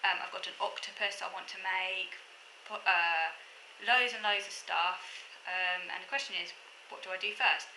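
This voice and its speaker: A woman's voice: mid-range voice, fairly even intonation, normal speed, bright, forceful tone. Woman, 40s, casual crafting chat, rambling with fillers, echoey room at home, faint background noise. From Wales. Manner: rambling, many fillers, listing plans. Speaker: vlogger.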